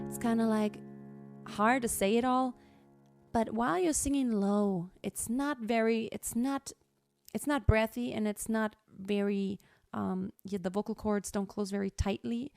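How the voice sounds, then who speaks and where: A woman singing teacher explaining a song in a relaxed, chatty way, full of fillers and restarts. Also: medium pitch, normal speed, gravelly, soft background music. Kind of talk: vocal lesson with sung demonstrations.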